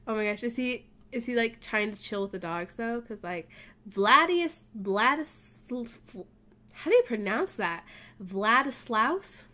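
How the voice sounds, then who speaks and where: A woman casually commenting on her life-sim game, gushing and excitable over her pets. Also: fairly high pitch, moderate pace. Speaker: gaming YouTuber. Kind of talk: casual let's play commentary. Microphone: desk mic, facecam.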